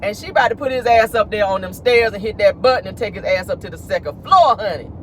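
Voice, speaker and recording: Sitting in his car, a male host runs a casual celebrity gossip vlog with playful sass and lots of laughter. He speaks fast and expressively in a slightly bright voice, his pitch leaping and diving, while faint car noise hums behind him.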